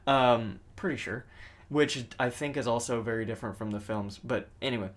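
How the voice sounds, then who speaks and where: A man co-hosting a podcast in casual chat, halting often, restarting sentences and swearing offhandedly. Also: medium pitch, steady tone. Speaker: podcast co-host.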